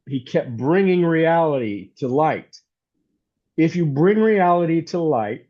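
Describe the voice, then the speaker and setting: Man, pastor, informal sermon, rambling, storytelling, mellow tone, lo-fi sound. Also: on the high side. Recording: dull lo-fi recording.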